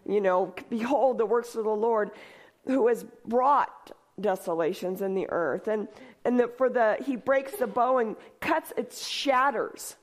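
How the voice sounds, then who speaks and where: A woman leading worship in church, reading scripture at a slow, deliberate pace in a slightly high voice. She then moves into lively, conversational preaching and laughs often as she talks. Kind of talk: sermon.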